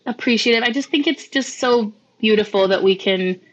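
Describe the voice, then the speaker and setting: A woman's voice: on the high side, moderate pace, poor audio. A woman speaking as a podcast guest, telling a heartfelt story in a chatty way and often quoting what others said. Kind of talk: conversational storytelling. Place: lives in Hawaii, roosters audible outside.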